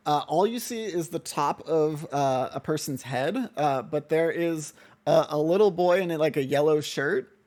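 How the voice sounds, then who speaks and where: A game master describing a scene in a tabletop game, with frequent pauses and restarts. The voice sits in a middle register and is recorded close on a desk microphone. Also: medium pitch, darkish tone. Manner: hesitant, lots of fillers and restarts.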